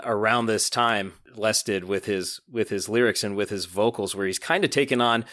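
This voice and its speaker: Lively man chatting about music. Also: medium pitch. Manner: animated, laughs often, quotes lyrics in voices. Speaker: podcast host. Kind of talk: casual podcast chat about music.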